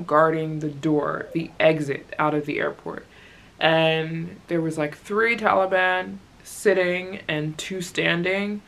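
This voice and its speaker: A woman's voice: low-pitched, fairly bright tone. A young woman, a travel vlogger, telling a story in a chatty, casual way and acting out the people she quotes. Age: young adult.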